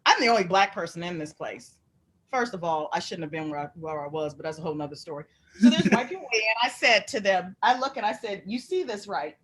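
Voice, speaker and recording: A woman telling lively stories as a guest on a video call, acting out the people in them. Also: on the low side, quick pace. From Omaha, Nebraska. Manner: lively, acts out voices in her anecdotes. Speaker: guest author. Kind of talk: animated storytelling on a video call.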